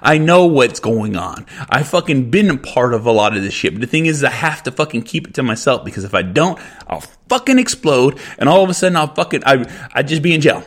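A man's voice: mid-range voice, animated, a little fast, few pauses. A man hosting his own podcast, ranting angrily with constant swearing and restarts. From United States. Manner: heated, repetitive, swearing, restarts mid-sentence. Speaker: podcast host. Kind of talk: angry profane rant.

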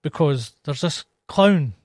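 A man's voice: on the high side, expressive, slow pace, a little mellow, no echo. Scottish man, sweary rambling storyteller, dry close sound. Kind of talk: casual chat.

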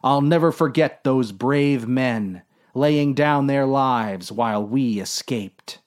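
A man's voice: mid-range voice, slow pace, lightly acted. A man voicing a solemn middle-aged male submarine captain with a grave, ponderous delivery.

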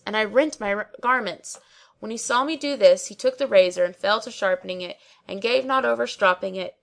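A woman narrating an old tale in a measured, storytelling delivery. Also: medium pitch, vocal fry, a bit bright. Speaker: audiobook reader. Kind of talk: scripted narration.

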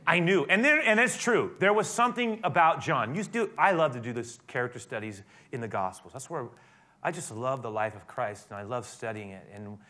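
Bright-voiced preacher man. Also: mid-range voice, expressive, fairly quick. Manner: conversational storytelling with emphatic rises. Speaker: pastor. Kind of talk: sermon.

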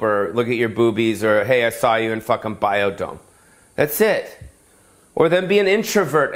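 A man's voice: fairly high pitch, a bit bright. A man doing a comedic, profane rant straight to his viewers, rambling from point to point with jokey asides. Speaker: comedian hosting a weekly rant show.

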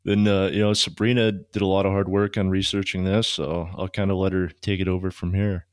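A man co-hosting a podcast, his voice sitting a little low. He tells a story in a casual, profane, rambling way. The sound is dry and close, with no room echo. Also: flat delivery, brisk. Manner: laid-back, profane and chatty. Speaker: podcast host.

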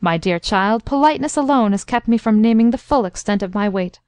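A woman's voice: fairly high pitch, lively intonation, brisk, a little mellow, smooth, dry recording, close to an everyday voice. A woman voicing a blustering older male major, a fond uncle who talks formally and teases. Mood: teasing. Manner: formal, bustling, teasing.

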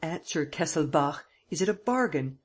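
A cunning gentleman thief from a spoken storybook, pushing a captive for an answer with harsh, insistent calm, as a reader puts him on. The voice is husky and sits at an ordinary middle pitch. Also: moderate pace.

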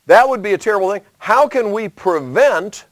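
A man delivering a sermon in an animated way. His voice climbs for rhetorical questions, then drops low and quiet for his asides. It is recorded dry and close. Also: moderate pace, no room sound. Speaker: preacher.

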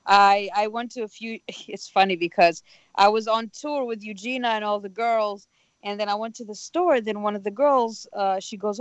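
A woman from Israel, a comedian guest on a radio show, chatting wryly with frequent laughs and halting restarts. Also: mid-range voice, no room sound. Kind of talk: casual radio chat. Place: radio studio. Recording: dry, dull lo-fi radio studio sound.

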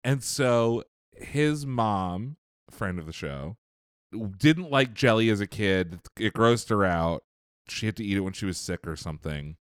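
A man co-hosting a podcast, telling stories in casual chat, animated and profane, laughing often. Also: fairly low pitch, measured pace, clean tone, dry recording, clean studio sound. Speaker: podcast co-host.

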